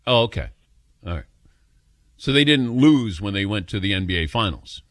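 A man's voice: on the low side, normal speed, no room sound, studio quality. A man hosting a sports radio show, telling a story in a casual way and acting out the voices of the people in it. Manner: animated storyteller, acts out quoted voices. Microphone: studio microphone.

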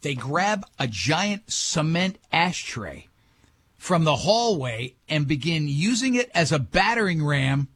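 A man in his fifties hosting a podcast, telling a rambling, excitable anecdote and acting out the quotes. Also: a little high, slow pace, husky. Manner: excitable, rambling storyteller who acts out quotes. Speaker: podcast host. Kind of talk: casual chat, telling an anecdote.

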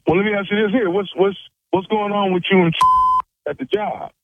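Male prank caller, slightly high, pushy with stifled laughs; dry, tinny phone audio. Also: steady tone, moderate pace, slight background noise.

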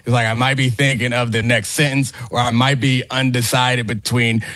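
A man's voice: medium pitch, level tone, normal speed, a bit bright, no room sound. A middle-aged man co-hosting a casual sports talk show, teasing his colleagues with playful trash talk and laughing often. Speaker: co-host.

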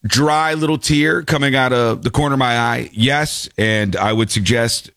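A man hosting a comedy podcast in casual chat, sounding a bit under the weather and slowed down, often breaking into goofy high voices. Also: a bit bright, no room sound, clean studio sound. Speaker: podcast host.

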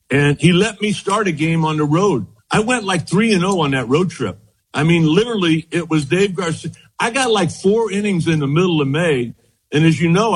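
A middle-aged man, a former baseball pitcher, telling rambling anecdotes in an interview, quoting others and restarting his sentences. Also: husky, rough recording. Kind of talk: storytelling interview.

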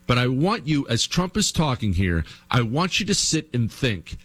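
A man hosting a radio talk show, with a voice of ordinary pitch. He delivers a political monologue straight to his listeners. He hammers his points home by repeating himself. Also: very animated, normal speed, a bit bright, slightly rough. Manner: emphatic, repetitive, addresses listeners directly.

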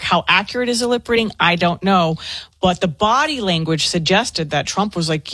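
A female co-host on talk radio, recorded dry and close. She talks at a medium pitch in a quick, wry, curious manner, bantering with the host. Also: a bit bright, no echo.

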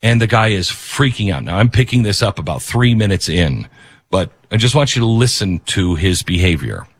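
A man's voice: on the low side, very animated, moderate pace, slightly rough. A man hosting a commentary show, giving impassioned, preachy opinions.

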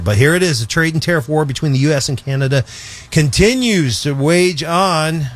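A man co-hosting a radio show in casual on-air chat, animated and jokey, often restarting his sentences. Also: a little high, moderate pace. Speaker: radio co-host.

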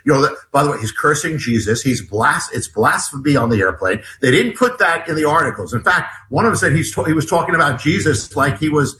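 A man with a bright, medium-pitched voice shares an anecdote as a guest author in an interview. His animated telling is halting, with many restarts, and he voices the dialogue of the people involved.

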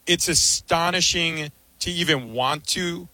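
A man on a sports talk panel, speaking in an earnest, measured way. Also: a little high, bright, forceful tone, dry recording.

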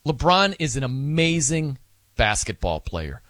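Animated rambling male radio host. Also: mid-range voice, measured pace, dry recording. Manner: rambling, animated, self-amused. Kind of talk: casual sports radio banter. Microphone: studio microphone.

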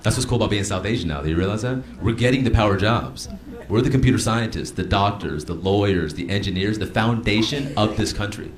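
A man doing a stand-up comedy set, telling animated stories and putting on impressions of his mother. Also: on the low side, brisk. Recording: live comedy club, roomy with crowd.

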